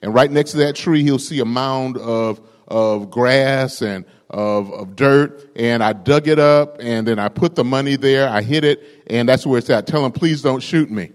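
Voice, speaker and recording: A preacher doing a frightened cornered bandit. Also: male voice, mid-range voice, normal speed, hardly any pauses, big-room sound, close to an everyday voice. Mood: pleading. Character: cornered male bank robber, frightened.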